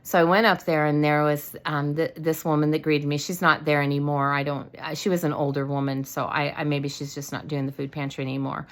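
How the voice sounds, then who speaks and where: An older woman chatting through a faith story in a rambling way, full of restarts and "you know," and lively when amazed. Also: low voice, fairly quick, hardly any pauses. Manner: excitable, animated when amazed. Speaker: faith talk show host. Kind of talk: casual faith testimony storytelling.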